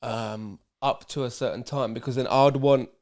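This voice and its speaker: Male podcast host, mid-pitched, easygoing banter with a friend, laughs often. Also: steady tone, normal speed, darkish tone. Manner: laid-back, laughing, swearing banter. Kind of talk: casual chat.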